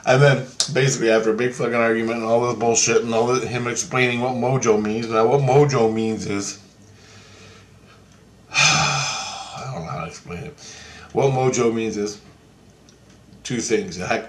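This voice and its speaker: A man's voice: mid-range voice, moderate pace, slight background noise. Rambling, repetitive man telling a story. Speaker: vlogger. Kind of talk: casual storytelling. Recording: echoey room.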